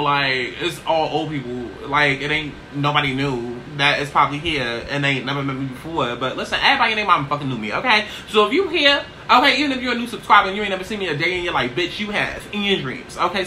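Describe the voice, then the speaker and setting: A woman chatting casually in a get-ready-with-me vlog, brash and profane, tossing in "okay?" constantly while seated low in a small chair. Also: pushed and bright, slight background noise, rough recording. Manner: brash, profane, sassy, keeps asking "okay?". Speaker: YouTuber.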